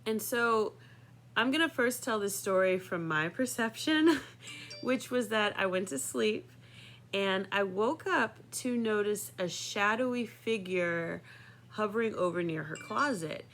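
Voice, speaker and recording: A woman's voice: medium pitch, measured pace, a bit bright. Chatty woman in her thirties telling a story. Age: 30s. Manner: chatty, filler-heavy, laughing often. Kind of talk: personal storytelling.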